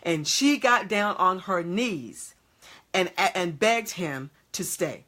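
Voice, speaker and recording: A woman's voice: on the low side, lively intonation, takes it slowly, a bit bright. A woman preaching an emphatic motivational sermon, repeatedly checking in with her audience.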